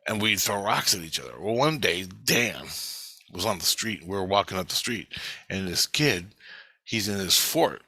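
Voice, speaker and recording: A man's voice: sits low, pushed and bright, no room sound. A middle-aged man telling a rambling, profane story from his childhood in a casual spoken way.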